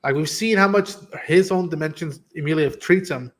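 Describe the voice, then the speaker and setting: A man's voice: a little high, moderate pace. A man hosting a casual review stream, talking animatedly with plenty of swearing. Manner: animated, profane, acts out quotes. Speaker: stream host. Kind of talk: casual spoiler review chat.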